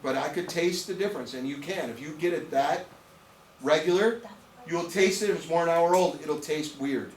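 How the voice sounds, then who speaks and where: A man's voice: fairly high pitch, normal speed. Emphatic man in an echoey room. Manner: emphatic, repeats words and asks "okay?". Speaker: nutrition trainer. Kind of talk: live training talk to a small group. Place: room with an audience. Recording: echoey room, distant mic, faint noise.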